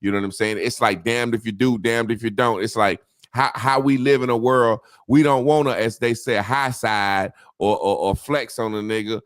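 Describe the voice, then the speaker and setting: A man hosting a casual talk show, telling rambling profane stories with animated impressions. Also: medium pitch, normal speed, no room sound, studio quality. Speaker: podcast host. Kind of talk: casual chat.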